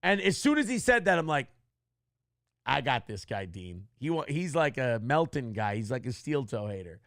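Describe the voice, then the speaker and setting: A man's voice: fairly high pitch, expressive, a little fast, fairly bright tone, dry recording, studio quality. A man hosting a livestream, telling a story in a brash, profane, mocking way and acting out other people's lines. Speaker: livestream host. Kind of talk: casual monologue.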